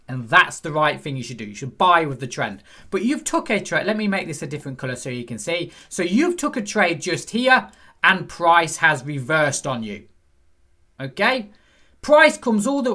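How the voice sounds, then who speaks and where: A man's voice: a little high, bright, forceful tone. A man teaching forex trading over a chart, talking conversationally and quizzing the viewer. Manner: conversational, asks the viewer questions; acts out a frustrated trader's inner voice. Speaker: trading instructor. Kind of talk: screen-share chart lesson.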